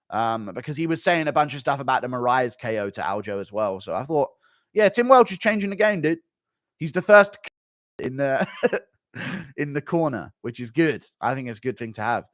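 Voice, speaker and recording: A man hosting a casual live stream, loud and animated, swearing and laughing at his own jokes. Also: medium pitch, normal speed, no room sound, studio quality. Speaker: streamer host.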